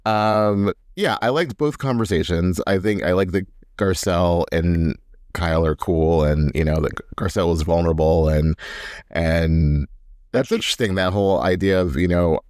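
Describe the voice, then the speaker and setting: Very deep-voiced man chatting casually. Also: normal speed, a little mellow, clean tone, dry recording, studio quality. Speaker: podcast co-host. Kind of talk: casual chat.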